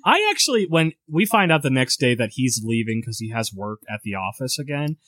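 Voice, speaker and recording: A man co-hosting a podcast in casual chat, expressive and quick to put questions to the others. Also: medium pitch, no echo, studio quality. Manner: expressive, poses questions to the group. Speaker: podcast co-host. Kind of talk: casual chat, film review.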